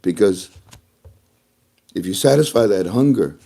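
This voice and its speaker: Man, rambling emotional vlogger, warm and dark tone. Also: on the low side, expressive, measured pace. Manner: rambling and emotional, breaks into laughter. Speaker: video blogger. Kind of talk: casual rambling monologue to camera.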